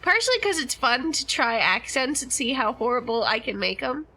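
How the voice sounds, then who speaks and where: A woman's voice: sits high, animated, moderate pace, bright, forceful tone, husky. A young woman chatting casually and playfully with her chat while playing a game on stream, laughing often. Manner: giggly and playful.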